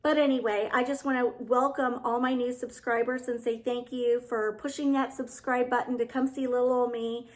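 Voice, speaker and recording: A woman with a fairly high voice talks to her viewers in a casual decor vlog, gushing and chatty. She sounds heartfelt and eager. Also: little pitch movement, moderate pace, hardly any pauses. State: getting emotional. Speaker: home decor YouTuber.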